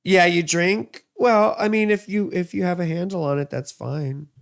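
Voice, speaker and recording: A man's voice: high voice, moderate pace, creaky, no echo, studio quality. A man in his thirties giving a casual, rambling astrology and tarot reading, full of asides and fillers.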